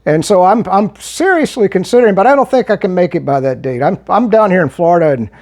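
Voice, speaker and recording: A man's voice: high voice, lively intonation, fast talker, darkish tone. A man giving a heated, argumentative monologue as he answers viewer comments, often restarting his sentences. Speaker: political commentary vlogger.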